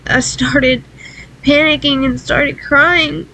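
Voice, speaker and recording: A woman with a high, bright voice tells a painful personal story, crying and pausing as she talks. Her speech is slow and halting, and she breaks off often. A faint hiss sits under the recording. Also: steady tone, rough recording. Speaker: vlogger.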